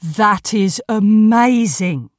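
A woman voicing an excitable woman who gushes over a cat while walking her dog. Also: medium pitch, very slow, dry recording, studio quality. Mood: gushing. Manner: gushing, exclamatory.

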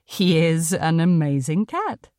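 A woman voicing a polite, gently wry woman who lives on a narrowboat. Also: low-pitched, big pitch swings, takes it slowly, no echo, studio quality, exaggerated voice.

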